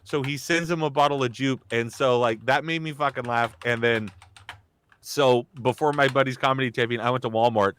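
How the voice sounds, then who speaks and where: A man's voice: mid-range voice, fairly even intonation, brisk, fairly bright tone, slight background noise. A young man, a guest on a live talk show, telling a casual story with lots of restarts and quoted voices. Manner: rambling, full of restarts and acted-out quotes. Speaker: guest, voice actor and comedian.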